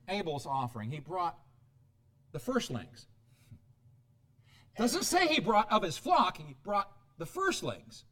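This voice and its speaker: A middle-aged pastor preaching with a high, lively voice. He swings from hushed asides to sudden loud outbursts, his pitch leaping and dropping as he drives each point home. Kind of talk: sermon.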